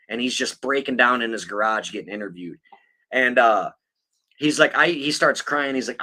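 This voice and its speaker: Man with a sharp, cutting voice. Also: medium pitch, moderate pace. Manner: profane, rambling storytelling. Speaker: podcast co-host. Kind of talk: casual podcast chat.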